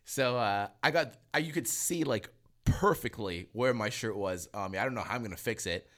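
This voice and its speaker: A man's voice: fairly low pitch, normal speed, fairly bright tone. A young man from Manitoba, Canada, co-hosting a podcast and telling stories in a casual, profane, rambling way. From Selkirk, Manitoba, Canada. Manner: profane, rambling storyteller with many restarts. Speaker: podcast co-host. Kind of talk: casual chat.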